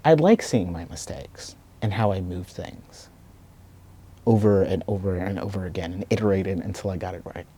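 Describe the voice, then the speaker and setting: A man with a fairly low, husky voice tells a personal story in a reflective way. He is soft-spoken and earnest. His tone is mellow and warm rather than bright. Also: moderate pace. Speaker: video essayist.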